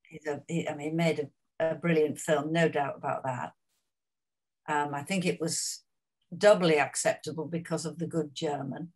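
An older actress with a notably low, deep voice looks back on her career in an interview, speaking at an easy conversational pace with fairly even intonation. Frank and anecdotal, she drifts into asides and fillers in a chatty, unhurried way.

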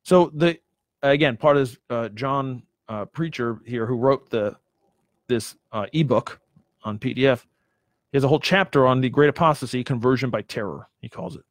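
A man's voice: mid-range voice, normal speed, no echo. A man preaching a sermon, emphatic, with many rhetorical questions and repeated words.

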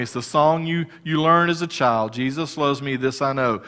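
Man, pastor, sermon, somewhat high voice, long church reverb, builds to loud then drops to soft storytelling. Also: lively intonation, normal speed, few pauses. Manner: shifts from rising preaching to quiet storytelling. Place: church sanctuary.

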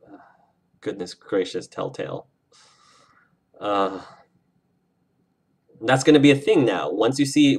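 Effusive man chatting on a game livestream. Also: fairly low pitch. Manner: effusive and emotional, gushing about the game. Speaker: let's play streamer. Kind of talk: casual livestream chat with viewers.

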